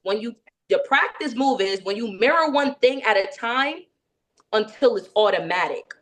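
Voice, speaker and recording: A woman leading a sales training session, coaching in a lively way and checking in with her listeners again and again. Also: on the high side, normal speed.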